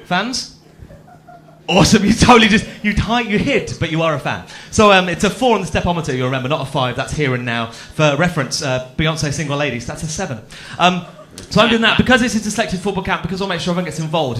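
A man's voice: fairly high pitch, fast talker, fairly bright tone, a little hiss or hum. A young man from Birmingham doing a stand-up set on a festival stage, chatty, camp and self-mocking, teasing the audience. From Birmingham, England. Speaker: stand-up comedian. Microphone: handheld stage mic on a cable.

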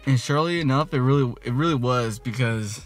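A man's voice: mid-range voice, brisk. A man, telling a rambling, profane storytime vlog full of fillers. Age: 20s. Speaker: vlogger. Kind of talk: casual storytime rant. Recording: music playing behind. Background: music.

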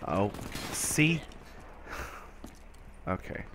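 A man's voice: very slow, noisy background. A man casually commentating his own online shooter match, rambling and stammering, often mocking himself. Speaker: gameplay commentator.

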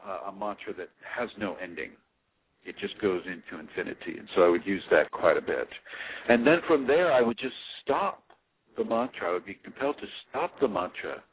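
A man giving a relaxed, rambling talk as a spiritual teacher, with many fillers and restarts. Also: on the low side. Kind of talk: casual instructional talk. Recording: tinny lo-fi phone-like audio.

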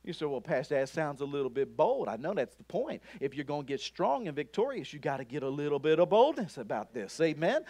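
High, lively man preaching a sermon. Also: a little fast, few pauses, dry recording. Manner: preaching call-and-response, repeating "Amen?" and urging bold declarations; rises to loud shouted declarations. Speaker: pastor. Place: church.

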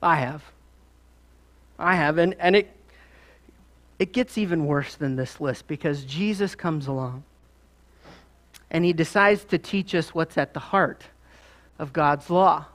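A man's voice: fairly high pitch, unhurried, pauses often, a bit bright. A man with a Midwestern American accent, preaching a sermon in a conversational, storytelling way with asides. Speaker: pastor.

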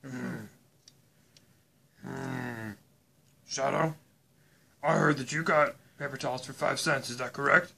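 Guy doing a stern gravelly cop chief in a toy story, grills the suspect. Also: mid-range voice, fairly even intonation, slow pace, long pauses, pushed and bright, full character voice. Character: stern male police chief questioning a suspect.

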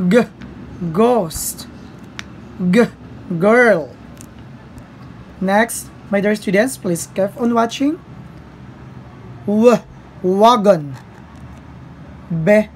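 A woman teaching a phonics lesson to children, sounding out words slowly one by one. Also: medium pitch, a little hiss or hum, rough recording. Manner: slow, deliberate word-by-word drilling.

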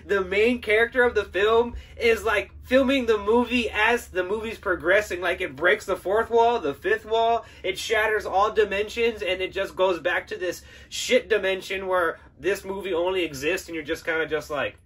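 A man's voice: high voice, moderate pace, hardly any pauses, fairly bright tone, husky. A man hosting a podcast, giving a casual, profane and sarcastic film review with frequent laughter. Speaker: podcast host.

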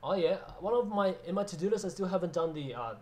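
Chatty man with a slightly high voice. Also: expressive, fast talker, mellow. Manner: rambling and chatty, reads out viewer names, laughs often. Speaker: livestream host and pianist. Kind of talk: casual livestream chat.

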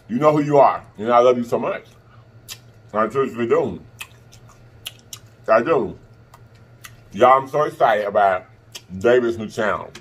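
A man's voice: mid-range voice, a bit bright, breathy edge. A man vlogger talking casually to camera, chatty and repeating himself for emphasis. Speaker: mukbang vlogger.

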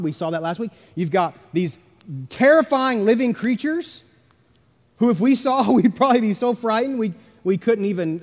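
High-voiced preacher in an echoing church. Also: male voice. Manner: emphatic, swings between loud and hushed. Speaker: pastor. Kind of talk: sermon. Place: church sanctuary. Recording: long church reverb.

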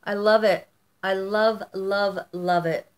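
A woman's voice: mid-range voice, fairly even intonation, takes it slowly. A middle-aged woman from the United States chatting casually on her vlog as she opens fan mail, gushing and rambling with many restarts. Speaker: vlogger.

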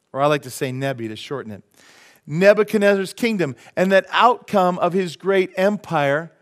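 Middle-aged male pastor, slightly high voice, casual folksy sermon with asides. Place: church sanctuary.

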